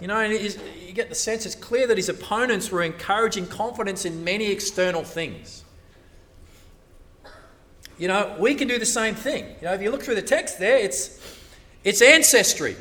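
A man preaching a sermon, animated and conversational, often acting out the voices of churchgoers. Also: sits high, normal speed, distant mic.

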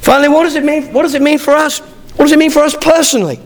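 A middle-aged man preaching a sermon, telling personal stories in an animated way with frequent restarts. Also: very high voice, fast talker. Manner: animated storytelling, frequent restarts, acts out dialogue. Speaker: pastor.

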